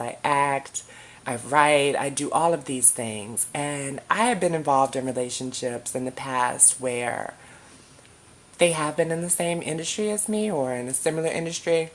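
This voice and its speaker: A young woman with a low, deep-set voice talks straight to the camera in a casual vlog. She rambles and swears freely, leaning hard on her points. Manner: emphatic, profane, rambling. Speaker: vlogger.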